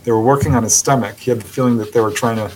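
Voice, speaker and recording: A man who is a podcast guest, telling a story with lively narration that acts out the people in it and laughing often. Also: mid-range voice, racing, rough recording. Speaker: guest, author on UFO encounters. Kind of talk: animated storytelling in a podcast interview.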